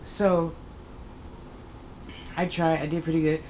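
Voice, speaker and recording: Taking it slowly, a woman in her fifties tells a long, wandering story for her vlog in a lowish voice, often stopping to correct herself. Her own quoted lines come out in animated bursts, and the rough recording carries a faint hiss.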